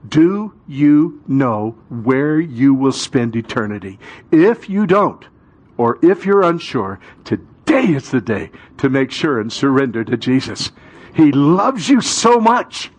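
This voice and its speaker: A male pastor preaching a sermon, building to loud emphatic peaks and calling the congregation to repeat after him. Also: mid-range voice, big pitch swings, a little slow, husky.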